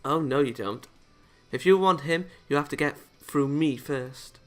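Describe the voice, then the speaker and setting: A man voicing a fierce young female angel warrior in a visual novel, speaking defiantly in a high put-on voice. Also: measured pace, soft background music, lightly acted.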